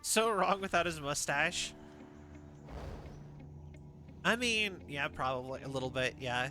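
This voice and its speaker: A man's voice: fairly high pitch, normal speed, sharp tone. A man streaming a video game, chatting and joking casually with lots of filler words. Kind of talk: casual gaming commentary. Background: game music.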